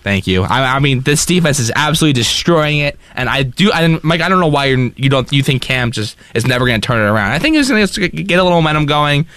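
A young man co-hosting a casual sports talk show, excitable and self-deprecating, often restarting his sentences. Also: on the high side, fast, hardly any pauses, no room sound. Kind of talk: casual sports radio chat.

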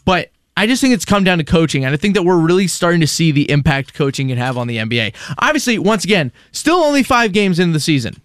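A man's voice: on the high side, big pitch swings, fast talker, few pauses, a bit bright, dry recording. A young man co-hosting a sports podcast, talking in a sarcastic, mocking way. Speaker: podcast co-host. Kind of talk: casual sports chat.

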